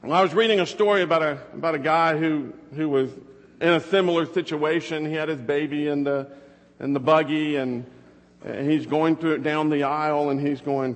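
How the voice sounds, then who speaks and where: A man's voice: fairly high pitch, steady tone, brisk. Fatherly pastor preaching in a reverberant hall. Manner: conversational storytelling with rhetorical questions. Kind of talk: sermon.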